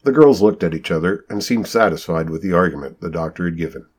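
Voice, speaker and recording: A man's voice: fast, husky. A man reading a novel aloud as narrator, lifting his voice for the characters' lines. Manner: lively storytelling, raises pitch for quoted characters. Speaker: audiobook narrator. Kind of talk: scripted narration.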